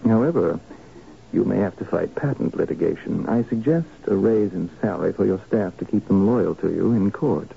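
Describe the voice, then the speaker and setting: A calm, gravelly oracle. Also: male voice, fairly low pitch, normal speed. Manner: calm, matter-of-fact. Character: calm, detached male oracle businessman. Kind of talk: 1970s radio drama acting. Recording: dull old radio broadcast with faint hiss.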